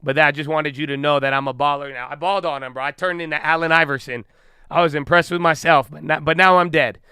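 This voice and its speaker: This young live-stream trading host talks fast in a voice on the high side, smooth and fairly even in intonation. He's hyped and slangy, shouting out viewers while sounding winded and out of breath. The audio is clean studio quality without echo.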